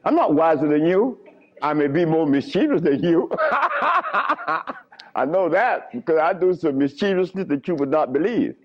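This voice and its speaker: A man gives a lecture to a crowd, his fairly high voice swooping up and down as he tells stories and chuckles between points. The old recording is dull and lo-fi. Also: a little slow. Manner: animated storytelling with frequent chuckles. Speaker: lecturer on herbal healing. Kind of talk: lecture to a live audience.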